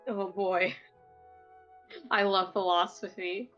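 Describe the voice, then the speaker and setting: A woman's voice: medium pitch, flat delivery, slow, a bit bright. A woman chatting casually as a tabletop game player, giggly and rambling as she tells a story. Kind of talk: casual chat. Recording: dull lo-fi audio, faint music.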